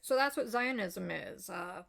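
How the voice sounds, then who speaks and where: A woman talks through a history lesson in a casual, rambling way, filling pauses with ums and uhs and apologizing as she goes. Her voice is heavily gravelly with vocal fry. She speaks slowly and without hurry. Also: mid-range voice, lively intonation, fairly bright tone. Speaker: video essayist.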